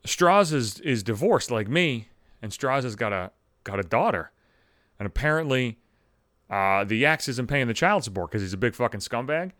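A man hosting his own show, telling a profane comic story in an animated rant and swearing freely. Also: mid-range voice, moderate pace, dry recording, clean studio sound. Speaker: host.

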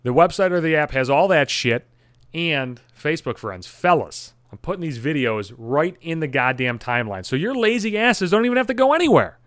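A man's voice: on the high side, big pitch swings, moderate pace, a bit bright, dry recording, clean studio sound. A man hosting his own podcast, ranting at home with constant swearing and exasperation. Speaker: podcast host. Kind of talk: profane comedic rant.

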